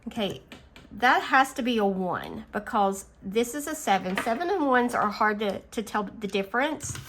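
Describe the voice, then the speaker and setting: A woman hosting a casual budgeting video, chatting and counting her savings out loud, easily amused. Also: medium pitch, big pitch swings, normal speed. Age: adult. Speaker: budgeting channel host. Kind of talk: casual chat while scratching savings challenges. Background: faint engine noise from a utility vehicle outside.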